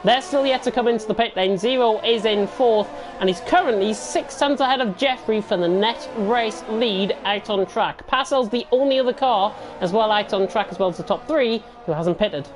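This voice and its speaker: A man's voice: high-pitched, normal speed, hardly any pauses. A man commentating live on a sim racing league, enthusiastic colour commentary between the calls. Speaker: race commentator.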